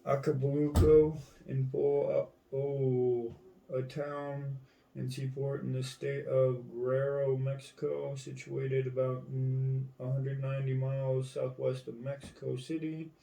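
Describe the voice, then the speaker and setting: Gravelly man reading an encyclopedia aloud. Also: mid-range voice, level tone, measured pace, mellow, a little hiss or hum. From United States. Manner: reads entries aloud, skips parts, swears in asides. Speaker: reader going through an encyclopedia. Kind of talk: casual reading aloud with asides. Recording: echoey room, mic at a distance.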